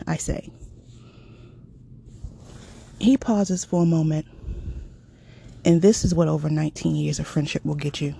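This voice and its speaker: A woman's voice: deep voice, normal speed, creaky, pauses often, mellow, slightly rough. A woman telling a personal story in a raw, candid and profane way.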